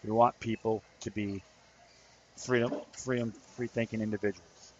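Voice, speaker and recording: A man's voice: fairly low pitch, little pitch movement, normal speed. A man hosting a podcast as an activist, telling a story in a rambling, earnest casual monologue. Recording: slightly dull recording with faint background noise.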